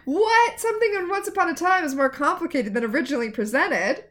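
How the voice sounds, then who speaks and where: A woman co-hosting a show recap in casual chat, with sarcastic, animated asides. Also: extremely high pitch, a little fast. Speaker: podcast co-host.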